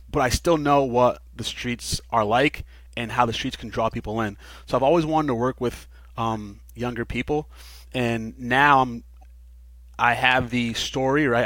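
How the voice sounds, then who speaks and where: Man, interview guest, earnest, animated storytelling, mid pitch, dry close sound. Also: dry recording. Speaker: podcast guest. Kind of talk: casual interview talk.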